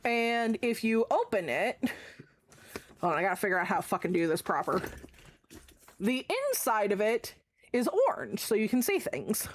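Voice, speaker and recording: A woman's voice: mid-range voice, animated, normal speed, pauses often, a little hiss or hum. A woman streamer chatting casually and rambling as she shows items to her live chat, swearing freely. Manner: chatty, profane, rambling show-and-tell. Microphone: desk mic.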